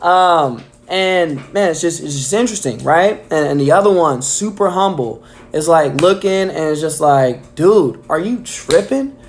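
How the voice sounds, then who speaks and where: A man's voice: on the high side, normal speed, a little hiss or hum. A man delivering a casual weekly devotional message, enthusiastic and filling his talk with "man" and "um". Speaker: preacher.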